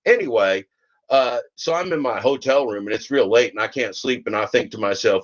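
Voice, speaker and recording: A man's voice: lowish voice, brisk, muffled recording. A middle-aged man hosting a podcast, rambling and joking in folksy grammar. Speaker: podcast host. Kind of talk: rambling comic monologue.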